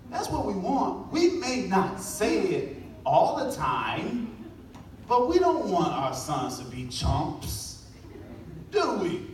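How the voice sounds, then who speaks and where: Animated male speaker in an echoey hall. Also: sits high, distant mic, slight background noise. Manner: animated storytelling, acting out voices. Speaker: motivational speaker. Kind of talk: motivational talk to an audience.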